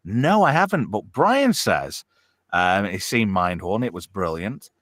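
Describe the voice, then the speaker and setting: Bawdy male stream host, lively pitch. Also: a little slow, no echo, clean studio sound. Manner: bawdy storytelling, reads chat comments aloud. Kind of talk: casual banter.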